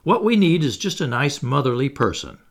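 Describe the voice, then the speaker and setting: A man's voice: mid-range voice, big pitch swings, moderate pace. A man reading aloud voices Peter, a proud, bossy boy who gives orders, in a storybook reading. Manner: commanding.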